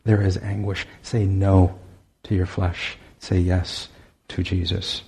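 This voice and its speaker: Casting: male preacher, deep and husky, earnest exhortation with frequent pauses. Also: level tone, dark tone. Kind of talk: sermon.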